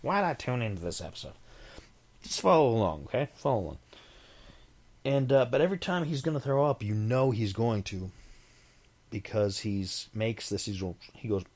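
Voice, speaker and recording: A man's voice: medium pitch, expressive, normal speed, darkish tone. A man hosting a podcast in a casual, rambling monologue, chatty and self-deprecating, who now and then imitates animal sounds. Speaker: podcast host.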